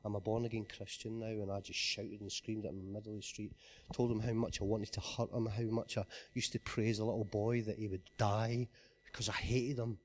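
A man with a Scottish accent giving an earnest personal testimony, often dropping to a quiet voice. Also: lowish voice, flat delivery, fairly quick.

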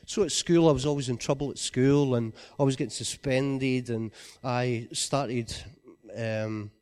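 A Scottish-accented man gives an earnest personal testimony, often dropping to a quiet voice. He speaks in a smooth, mid-range voice with a steady tone and measured pace.

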